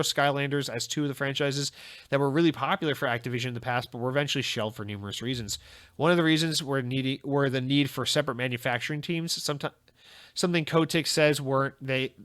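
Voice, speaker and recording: A man's voice: medium pitch, fairly bright tone, no room sound. An American man hosting a solo gaming news podcast in a casual, sarcastic way, swearing freely. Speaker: podcast host.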